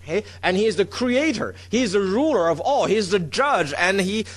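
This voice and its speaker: Animated man teaching Bible study. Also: sits high, brisk. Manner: keeps checking in with the listeners; stresses key words, repeats for emphasis.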